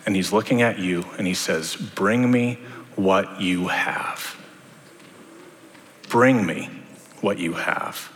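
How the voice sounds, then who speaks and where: A man's voice: fairly low pitch, a bit bright, slight background noise. A man preaching a sermon, talking to the congregation in a conversational way with many rhetorical questions. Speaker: pastor. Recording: long hall reverb.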